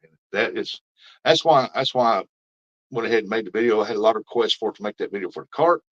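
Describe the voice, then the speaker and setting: A fairly low-voiced man hosting a fishing live stream, talking in a loose, rambling way and reading viewer comments aloud. The audio is dull and lo-fi, like a basic stream mic. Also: quick pace. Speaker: fishing livestream host. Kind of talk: casual live-stream chat.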